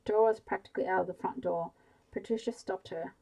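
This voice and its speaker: A woman reading a bedtime story aloud slowly and softly, in whispered role-play. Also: mid-range voice, steady tone, vocal fry, rough recording. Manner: slow, hushed bedtime reading.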